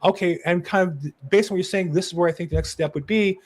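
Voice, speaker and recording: A man hosts a conversational interview over a video call, chatty and quick to agree. He laughs easily and tells personal stories. His voice sits slightly high. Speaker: interview host.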